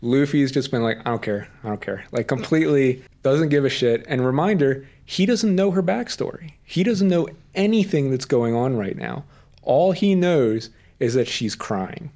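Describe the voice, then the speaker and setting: A man's voice: mid-range voice, expressive, normal speed, warm tone. A man co-hosting an anime recap podcast, retelling scenes in a casual, enthusiastic way full of fillers and quoted lines. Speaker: podcast co-host.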